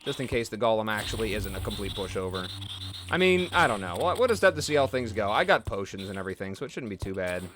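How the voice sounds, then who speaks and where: A man's voice: on the low side, very animated, fast talker, noisy background. A young man casually commenting on the video game he is playing, chatty and rambling as he goes. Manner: rambling, chatty, self-deprecating. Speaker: gaming let's play host.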